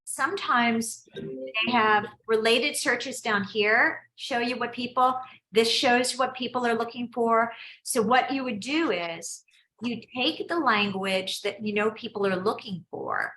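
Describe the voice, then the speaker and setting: A woman coaching on a video call, talking quickly and chattily, often breaking off and restarting to encourage the people she is coaching. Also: a little high, pushed and bright, roomy sound, slight background noise, poor audio. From United States. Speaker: business coach hosting a mastermind call.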